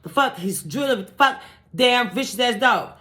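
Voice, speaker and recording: A man's voice: very high voice, lively intonation, moderate pace, pushed and bright, voice pushed up, heavily acted. A woman voicing a nervous father in a wheelchair, cursing in alarm. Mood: panicked.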